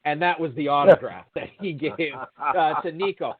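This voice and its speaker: A man's voice: a little high, moderate pace, slightly rough. A man telling a long, rambling anecdote in casual chat, full of fillers and restarts. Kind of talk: casual anecdote over a call. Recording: tinny phone-line audio.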